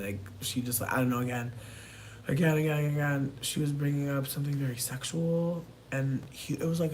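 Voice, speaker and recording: A woman livestreaming while high on mushrooms, rambling and swearing as she talks to her chat and repeats herself. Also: slight background noise.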